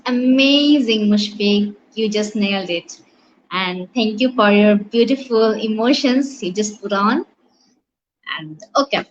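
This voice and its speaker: A woman's voice: medium pitch, dull audio, a little hiss or hum. A woman hosting an event, praising and introducing a guest with fillers. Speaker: host.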